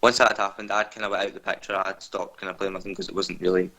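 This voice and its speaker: A man's voice: deep voice, flat delivery, racing, bright, forceful tone, poor audio. A nervous man telling his story as a guest over a video call, hesitant and full of filler words. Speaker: interview guest. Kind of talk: casual storytelling interview.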